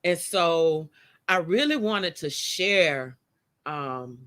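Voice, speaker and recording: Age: adult. Sex: woman. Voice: bright, forceful. Style: chatty livestream host. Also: lowish voice, animated, drawn-out words. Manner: chatty, greets viewers by name; emotional. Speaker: host of a live chat show. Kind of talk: casual livestream chat. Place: outdoors by a motion-sensor light.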